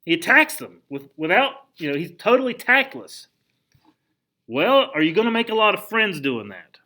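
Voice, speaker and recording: A male history teacher lectures his class in a lively, conversational way and keeps firing rhetorical questions at the students. His voice sits fairly high and sounds bright and forceful. He restarts his sentences often as he talks. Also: moderate pace.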